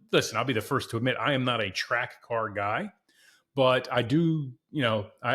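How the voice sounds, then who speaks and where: A man's voice: mid-range voice, a bit bright, slightly rough. A man hosting a podcast, chatting casually and candidly to viewers about his car, emphatic and repeating himself for emphasis. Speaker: podcast host.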